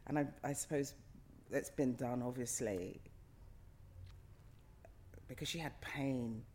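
A woman's voice: extremely low pitch, slow, a little mellow, slight background noise. A middle-aged woman who is a guest in an interview, talking passionately and emphatically and repeating phrases for emphasis. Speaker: actor guest. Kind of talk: casual interview chat.

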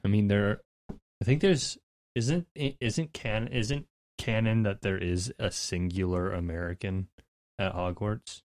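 A man's voice: on the low side, a little slow. A man co-hosting a movie podcast in casual chat, rambling with restarts. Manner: rambling, many restarts and fillers. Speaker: podcast co-host.

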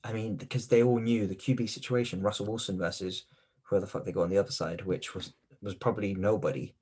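A man's voice: fairly low pitch, steady tone, fast talker, warm tone, slightly rough. A man co-hosting a casual sports podcast, teasing and argumentative, often repeating his words. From United Kingdom. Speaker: podcast co-host.

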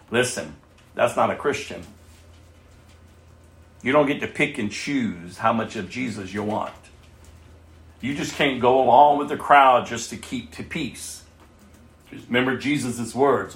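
A man preaching a sermon and reading scripture aloud, swinging between loud bursts and soft asides. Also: medium pitch, sing-song, measured pace, pauses often, reverberant.

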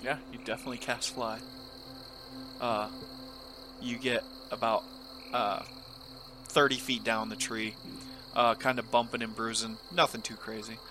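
A man's voice: medium pitch, level tone, measured pace, long pauses, background noise. A man running a tabletop game as game master, narrating loosely with lots of fillers. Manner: casual, filler-heavy narration.

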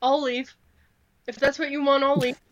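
Woman doing a panicked, sobbing scruffy man, high and loud, muffled lo-fi take. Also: little pitch movement, moderate pace, lightly acted. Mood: frightened. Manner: sobbing, hyperventilating, pleading. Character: terrified one-handed scruffy man, panicky.

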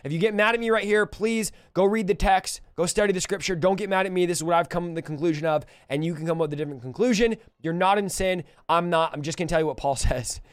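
A young male preacher works through scripture in a chatty, energetic way, talking straight to his audience. His voice sits high and comes through smooth and clear. The recording is close and dry, with no room sound. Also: fast talker, few pauses, no room sound. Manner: energetic, conversational, direct address to viewers. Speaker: preacher and podcast host. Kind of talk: verse-by-verse Bible teaching.

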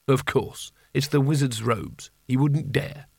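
A man puts on a flustered wizard who frets and protests, his voice jumping up high whenever he panics. The tone stays dry and close, with a gravelly edge. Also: unhurried, darkish tone, no room sound. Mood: nervous. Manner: nervous, whiny, defensive. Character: flustered cowardly male wizard, jittery.

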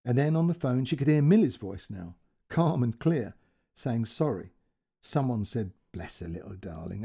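Brief: male storyteller, expressive story reading, gravelly and husky. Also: medium pitch. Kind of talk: scripted narration of a short story.

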